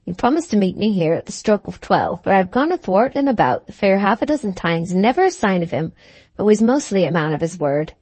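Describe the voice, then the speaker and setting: Storybook part: grumbling middle-aged farmer, read by a woman, plain, mellow tone. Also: medium pitch, big pitch swings, fairly quick.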